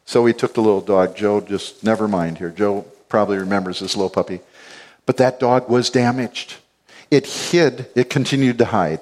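A middle-aged pastor preaches a sermon at normal speed in a fairly low voice. He tells stories in an animated way, acting out quotes and chuckling along.

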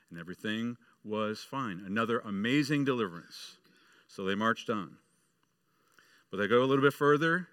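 A man's voice: mid-range voice, bright, forceful tone, no echo, studio quality. A male pastor preaching a sermon, telling a story and acting out its voices.

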